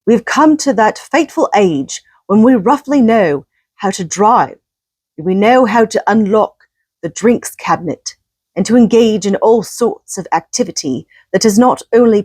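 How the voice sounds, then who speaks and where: A woman's voice: medium pitch, lively intonation, normal speed, a little mellow, breathy edge, no echo, studio quality, pitched above the performer's own voice. A woman doing a put-on English accent as a pompous British male politician giving a grand, oratorical speech. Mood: grandiose.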